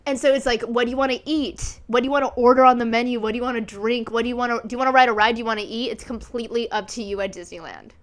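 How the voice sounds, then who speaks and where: A woman's voice: a little high, fairly even intonation, rapid-fire, few pauses. A woman in her twenties chatting candidly as a podcast host, swearing freely and often breaking into giggles. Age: 20s. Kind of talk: casual chat.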